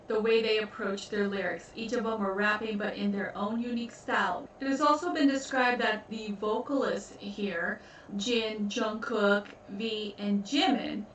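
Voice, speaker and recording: An American woman with a medium-pitched voice reacts to a music video, gushing with enthusiasm and explaining at length in casual commentary. The recording has a little hiss or hum, a distant mic in an echoey room, and music playing behind her.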